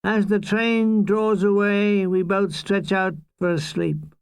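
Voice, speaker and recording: A man narrating his own war memoir as an audiobook, with deadpan, irreverent comic delivery. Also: sits high, takes it slowly, vocal fry, clear, resonant tone, no room sound.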